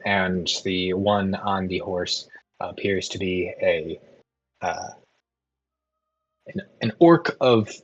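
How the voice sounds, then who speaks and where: A man narrating as game master, halting with frequent ums and restarts. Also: low-pitched, dry recording, dull audio.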